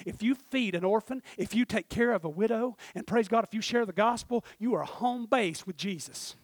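A middle-aged man, preaching a sermon and swinging from quiet confiding talk to shouted exhortation. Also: high-pitched, no echo, studio quality. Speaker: pastor.

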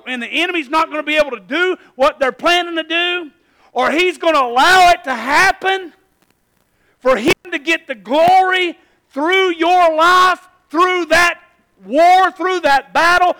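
A preacher delivering a fervent, conversational sermon, breaking into exclamations and calling for responses from the congregation. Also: male voice, very high voice, bright, forceful tone. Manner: asks the crowd for responses often.

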